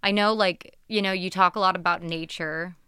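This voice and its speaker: A young woman in a relaxed conversational interview, her voice bright and very clean. She talks in a chatty, meandering way, laughing easily, and sounds close to the mic in a dry space with no room sound. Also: on the low side, normal speed, smooth, no room sound. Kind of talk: casual interview chat.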